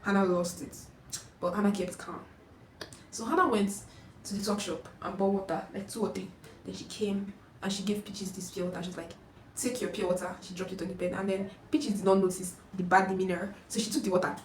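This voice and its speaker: Young woman, Nigerian accent, animated storytelling, roomy echo, distant camera mic, faint background hiss. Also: medium pitch, brisk. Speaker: vlogger. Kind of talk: casual storytime. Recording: echoey room, no microphone.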